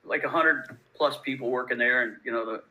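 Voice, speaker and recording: Bright-voiced New man telling stories. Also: medium pitch, a little fast, low-quality recording. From Louisiana. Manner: profane, animated, laid-back. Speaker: guest, bartender. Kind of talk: casual storytelling.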